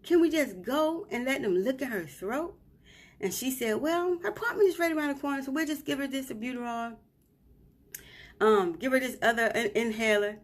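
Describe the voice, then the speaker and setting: A woman's voice: on the high side, a bit bright. A grieving mother live streaming from a hotel room, retelling events emotionally and often checking in with "right?".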